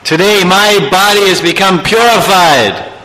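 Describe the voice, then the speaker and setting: Preacher as a serene lord figure, bright, solemn, lifted tone. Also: male voice, high voice, unhurried, long reverb tail, voice pushed up, low-quality recording. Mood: exalted. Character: serene male divine lord, joyful.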